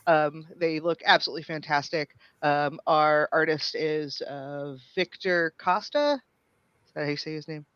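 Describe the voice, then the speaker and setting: A man's voice: on the high side, unhurried, a bit bright, clean tone, dry recording. A man speaking as a guest game designer over a remote call, hesitant with many fillers. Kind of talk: casual interview. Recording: dry, dull remote audio.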